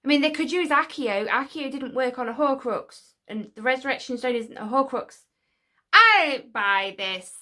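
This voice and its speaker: A woman hosting a fan vlog, talking casually and chattily with excited little asides. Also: high voice, brisk, few pauses. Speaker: fan channel host.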